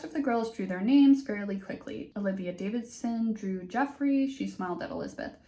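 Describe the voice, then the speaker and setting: A woman's voice: mid-range voice, moderate pace, hardly any pauses, warm tone. A young woman reading a teen novel aloud and breaking off for wry, sarcastic asides. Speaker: book reader and commentator. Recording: roomy echo.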